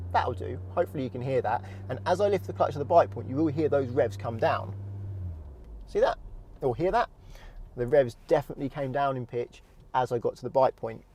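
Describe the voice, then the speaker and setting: A man, a driving instructor calmly explaining step by step while demonstrating from inside a car. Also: mid-range voice.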